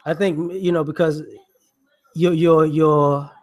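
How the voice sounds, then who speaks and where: High-voiced man rambling in slangy commentary. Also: little pitch movement, a little mellow. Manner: rambling, slangy, digressive, with repeated "you know"; acts out people he mocks with quick voices. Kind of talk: casual monologue commentary.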